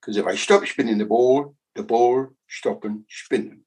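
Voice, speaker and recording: A man voicing an old German astronomer in a put-on German accent, with mock-German word endings and slow, emphatic explaining. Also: mid-range voice, darkish tone, a little hiss or hum, natural voice, poor audio. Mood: earnest explaining.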